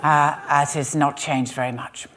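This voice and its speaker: This woman comedian speaks low and a little slowly, her intonation fairly even, in a very noisy recording. She's doing stand-up storytelling about history on a museum stage, full of dry, sarcastic remarks.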